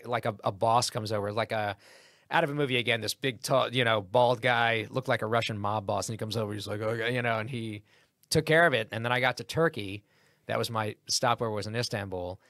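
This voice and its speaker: A comedian in a podcast interview, telling a story in a lively, casual way and acting out what people said. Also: male voice, mid-range voice, dry recording, studio quality. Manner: animated anecdote with acted-out quotes. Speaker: comedian guest.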